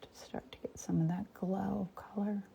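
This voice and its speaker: In this casual live-stream, a fifties-aged woman paints while thinking out loud, calling viewers by name and now and then lowering her voice to a near whisper. She speaks at medium pitch with fairly even intonation, a moderate pace, vocal fry, and a warm tone, over slight background noise.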